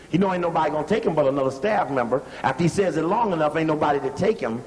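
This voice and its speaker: High-voiced man, emphatic video commentary. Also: fast, few pauses, in a large hall, poor audio. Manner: emphatic, repeats points, directs playback. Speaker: lecturer analyzing archival footage. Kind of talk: animated commentary over video playback.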